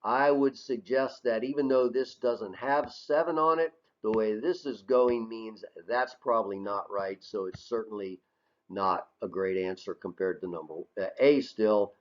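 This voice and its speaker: The lecturer is a man with a low, unhurried voice, recorded over slides with dull lo-fi sound quality. Chatting conversationally, he asks his own questions and answers them, peppering his talk with "right?".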